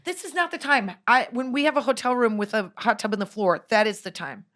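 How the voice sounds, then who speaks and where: A woman's voice: on the high side, fairly quick, fairly bright tone. Woman, podcast host, casual chat at a studio mic, rambling and self-deprecating. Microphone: studio microphone.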